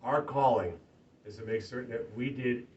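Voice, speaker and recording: A man delivering an emphatic campaign stump speech, moving between loud rallying lines and quiet, earnest stretches. He sounds far from the mic, on a dull, lo-fi recording. A faint room ambience hums behind him. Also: medium pitch, moderate pace, a little hiss or hum. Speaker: political candidate. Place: party office meeting room.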